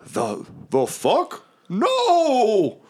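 A man's voice: high-pitched, wildly swooping pitch, very slow, darkish tone, husky, pitched above the performer's own voice, heavily acted. A man squawking as a tiger-faced devil. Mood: outraged. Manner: squawking, indignant. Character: flustered tiger-faced male archdevil.

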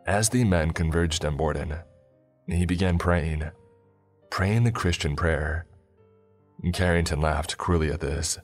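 A man narrating a scripted dark story in a measured, even way. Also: deep voice, soft background music.

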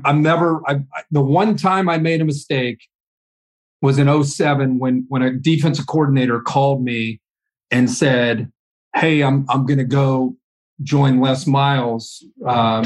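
A middle-aged man, a college football analyst, telling a long story on a podcast in a conversational way, often repeating words as he starts a sentence. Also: medium pitch.

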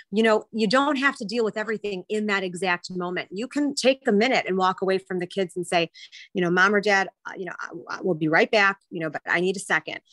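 A woman on a radio talk show speaking earnestly in casual chat, often filling pauses with "you know". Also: mid-range voice, a bit bright, dry recording. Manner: earnest, leans heavily on "you know" fillers.

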